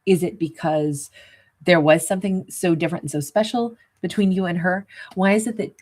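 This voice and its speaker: A woman's voice: lowish voice, normal speed, darkish tone. A woman giving a casual tarot reading, talking in a rambling, conversational way full of asides and the odd chuckle. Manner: chuckles at her own jokes. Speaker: tarot reader.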